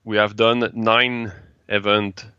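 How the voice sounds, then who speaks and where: Interview guest, French-Canadian accent, native French speaker; low, slow, halting delivery, dull lo-fi sound. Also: male voice, little pitch movement, pushed and bright, smooth, dry recording. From Quebec, Canada. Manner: halting, searching for English words, light laughs. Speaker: guest, event organizer. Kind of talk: casual interview chat.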